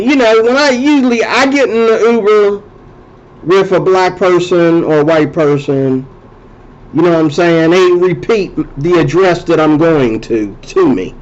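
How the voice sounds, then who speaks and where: Rambling man on a dull lo-fi recording. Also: sits high. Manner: rambling, conversational, repeats and restarts phrases. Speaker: host. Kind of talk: casual rambling monologue.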